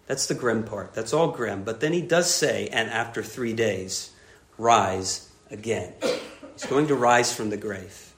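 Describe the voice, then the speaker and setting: A man preaching a sermon, emphatic, repeating key phrases and dropping soft on grave points. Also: a little high, echoey room. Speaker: pastor.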